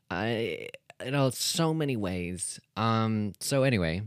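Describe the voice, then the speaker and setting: Slow, rambling male podcast host. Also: on the low side, lively intonation, clear, resonant tone, no room sound, studio quality. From Canada. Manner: rambling and self-deprecating, many ums and restarts. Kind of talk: casual solo podcast chat.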